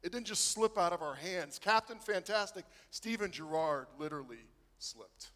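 Excitable preacher man in a big hall. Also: high-pitched, normal speed. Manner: storytelling, swinging from hushed to excited. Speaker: pastor. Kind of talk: sermon.

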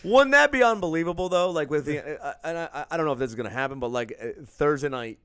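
A man co-hosting a casual sports podcast, talking in an animated, excitable way and laughing often. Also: a little high, quick pace, clear, resonant tone, no room sound, clean studio sound. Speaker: podcast co-host.

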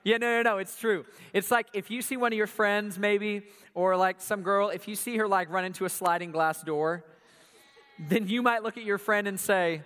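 A man's voice: sits high, moderate pace, fairly bright tone, long reverb tail. A man with a Southern US accent from Atlanta, giving a playful, joking church talk and quizzing his congregation. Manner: playful, jokey, keeps quizzing the audience. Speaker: church speaker. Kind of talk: casual sermon talk to a congregation.

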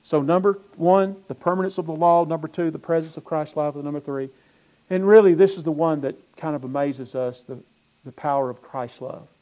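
A man preaching a sermon in a church, swelling into slow, emphatic phrases. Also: fairly high pitch, dark tone. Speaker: pastor. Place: church sanctuary with choir.

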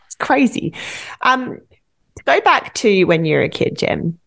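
A woman co-host asking questions in a gentle, hesitant, soft-spoken way. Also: medium pitch, big pitch swings, a little slow, vocal fry. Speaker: podcast co-host interviewer. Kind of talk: conversational interview.

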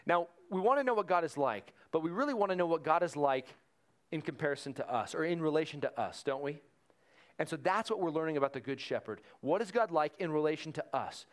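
A male pastor preaching a conversational sermon, slowing down to stress key phrases. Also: a little high. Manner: conversational preaching with fillers and restarts, slowing for emphasis.

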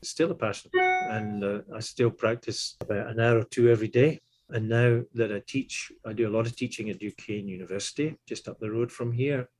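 A man in his sixties, a tuba player and teacher, telling stories in a relaxed, animated way and acting out the voices he quotes. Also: fairly low pitch, a little fast, faint music behind. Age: 60s. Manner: animated, acts out quoted voices, chuckles often. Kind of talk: relaxed anecdotal storytelling.

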